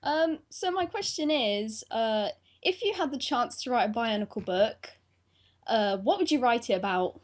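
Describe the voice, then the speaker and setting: A woman calling into a casual podcast, cheerful and quick to giggle. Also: a little high, lively intonation. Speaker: caller.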